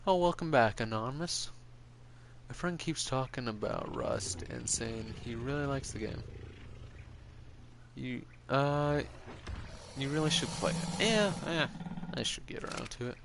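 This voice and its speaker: A man's voice: mid-range voice, lively intonation, unhurried, long pauses, fairly bright tone, slight background noise. A man streaming, rambling casually and with strong opinions as he answers viewers' chat. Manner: rambling, opinionated, full of fillers.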